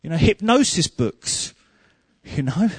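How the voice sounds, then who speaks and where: A man preaching a sermon, telling humorous stories and growing loud and emphatic. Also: a little high, big pitch swings, takes it slowly, slightly rough, dry recording.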